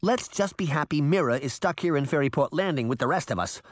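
Bubbly, coaxing gal on skates, bright sing-song lilt; male narrator puts it on. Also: deep voice, animated, fast, dry recording, studio quality, voice pushed up. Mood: cheerful. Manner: breezy and coaxing. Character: sweet gum-chewing roller-skating woman, mirror guardian.

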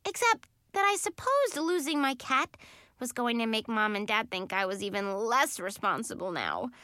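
Expressive woman, children's book narrator, bright and very lively. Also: fairly high pitch, normal speed, no echo, clean studio sound. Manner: animated, expressive. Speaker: audiobook narrator.

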